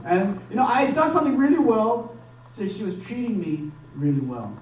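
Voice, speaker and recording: A man's voice: high-pitched, sing-song, normal speed, darkish tone, slight background noise. A young man preaching a sermon as pastor, chatty and conversational, checking in with the congregation with "right?" as he tells stories. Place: church hall. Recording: echoey hall, voice from far off.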